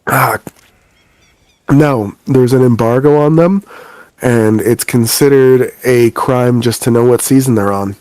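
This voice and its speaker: A man's voice: mid-range voice, a little slow, darkish tone, no echo. Profane joking man game master. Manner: profane, joking, exasperated rants. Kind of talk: running a tabletop game.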